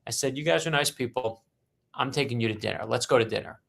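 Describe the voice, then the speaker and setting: A man in his fifties from Brooklyn, a guest author telling stories on a podcast and acting out the dialogue with lively energy. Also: medium pitch, fast talker, gravelly. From Brooklyn, New York. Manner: animated storyteller acting out quoted dialogue. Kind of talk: storytelling in a podcast interview.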